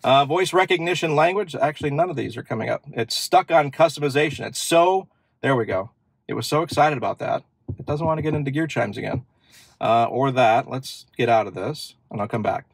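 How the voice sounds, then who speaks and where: A man's voice: medium pitch, fairly quick, gravelly, slightly rough, no echo. A man hosting a car channel, chatting casually and thinking aloud with fillers as he shows features from inside his parked car. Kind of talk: casual demo walkthrough.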